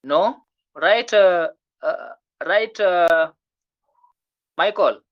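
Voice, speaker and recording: A teacher runs an online French pronunciation lesson, coaxing students to keep trying and repeating each word slowly for them to copy. The audio is muffled and lo-fi, and the voice sits in an ordinary middle pitch. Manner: patient, encouraging, repeats words slowly for drilling.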